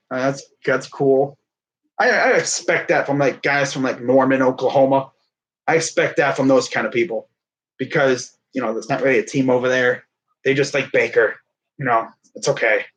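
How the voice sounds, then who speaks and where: Young dude, kinda high voice, excitable football rant, rambly. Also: male voice. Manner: excitable, rambling, trash-talking. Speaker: sports fan streamer. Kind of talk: casual sports talk.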